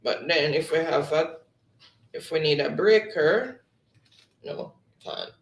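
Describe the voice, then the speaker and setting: A man hosts a quiz stream, reading out the players' chat answers and laughing along. His voice sits high and he takes his time. The room around him is noticeably echoey. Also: takes it slowly, creaky. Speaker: game show host. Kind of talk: live-stream quiz hosting.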